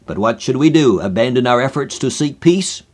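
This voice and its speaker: A man's voice: mid-range voice, expressive, moderate pace, darkish tone, lightly acted. A man voicing a formal, courteous male chairman of an assembly. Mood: humbled.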